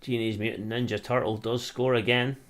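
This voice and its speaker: A Scottish man gives loose, chatty live commentary over a football match. He flips between quick play-by-play and annoyed grumbles about the referee, in a plain mid-pitched voice. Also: little pitch movement. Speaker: watch-along streamer.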